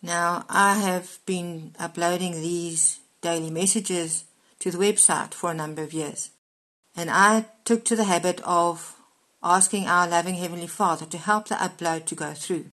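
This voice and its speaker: A woman preacher giving a measured, explanatory Bible teaching monologue as part of her daily devotional messages. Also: lowish voice, steady tone, fairly bright tone, rough recording. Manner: measured, explanatory, spells out words letter by letter.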